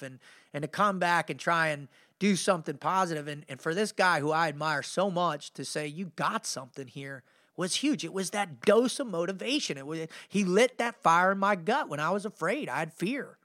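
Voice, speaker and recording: A sharp-toned, slightly high male voice moves briskly through an energetic story. The speaker, a middle-aged podcast host and motivational speaker, talks in slang and keeps saying "man."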